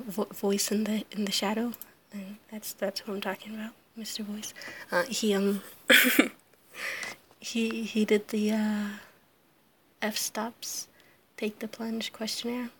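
In a casual solo recording, an audio creator answers a questionnaire in a hoarse, sick-sounding half-whisper. She speaks haltingly, apologizes a lot, and laughs nervously, her voice medium in pitch and slightly bright.

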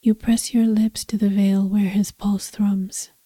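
A woman tells a second-person story in a whispered role-play, every line hushed and breathy. She takes her time, and her mellow whisper barely rises or falls. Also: mid-range voice, level tone, measured pace, no echo, rough recording.

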